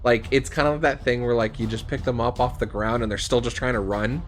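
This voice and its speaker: A man's voice: mid-range voice, steady tone, fairly quick, music in the background. A young man running a tabletop game as game master, narrating casually with many fillers.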